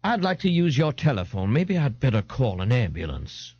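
A man's voice: medium pitch, very animated, moderate pace, darkish tone, slightly rough. Male reader doing a mild, weak-voiced, polite undercover man. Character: timid undercover man in silk suit. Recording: dull lo-fi tape.

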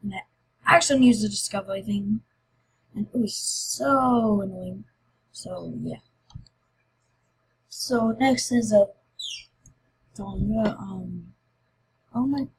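A woman's voice: medium pitch, takes it slowly, creaky, pauses often, slight background noise, low-quality recording. A woman YouTuber chatting casually and rambling through a game giveaway video. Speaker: Minecraft YouTuber.

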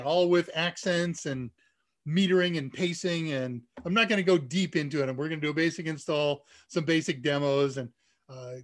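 A man's voice: a little high, a bit bright. A man with a nasal voice from the US Midwest, hosting a casual live Q&A stream and chatting keenly about tech.

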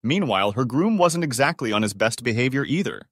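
A man reading online stories aloud as a narrator, with a steady, evenly paced storytelling delivery. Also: medium pitch, brisk, no room sound, clean studio sound.

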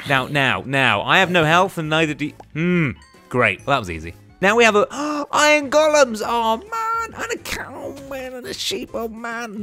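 A man giving playful, excitable Let's Play commentary, chatting to the characters in his game. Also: mid-range voice. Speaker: gaming YouTuber.

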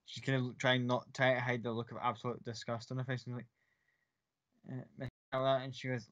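A man's voice: mid-range voice, flat delivery, brisk, fairly bright tone, dry recording. A man narrating a tabletop game as game master, rambling with many fillers. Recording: dry, slightly muffled.

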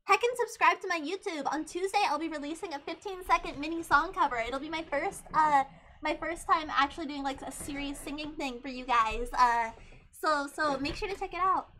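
Young woman streamer, high bright voice, giggly and hyper, gets loud. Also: slight background noise. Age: 20s. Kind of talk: casual live-stream chat.

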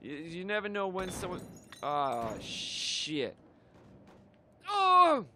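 Man, gaming commentary, sweary, goofy, very lively pitch, bright voice. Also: slow, a little hiss or hum. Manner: goofy, manic, sweary, jumps to shouts. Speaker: let's play gamer.

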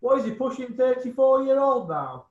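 Scornful man, high voice, echoey. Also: sing-song, moderate pace, dull audio. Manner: scornful, swearing, repeats insults. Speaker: boxing pundit guest. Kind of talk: blunt opinionated chat.

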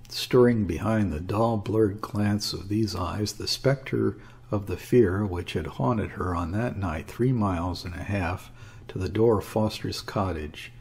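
A man reading a classic story aloud as an audiobook, in a measured, even storytelling manner. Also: on the low side, slightly rough. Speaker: audiobook reader. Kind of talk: scripted narration of a classic story.

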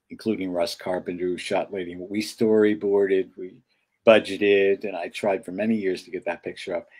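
An older man from upstate New York, talking as an interview guest and recalling things with many halting "uh" pauses. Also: deep voice, a little mellow, husky. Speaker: guest filmmaker. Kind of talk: casual interview chat.

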